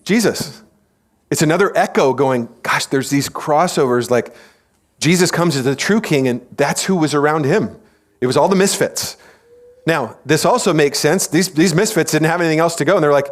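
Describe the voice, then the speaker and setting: Man, pastor, church sermon, lively storytelling, fairly high voice, questions for the listeners. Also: fairly quick. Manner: animated storytelling, acting out quoted voices; asks the congregation questions. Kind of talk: teaching sermon.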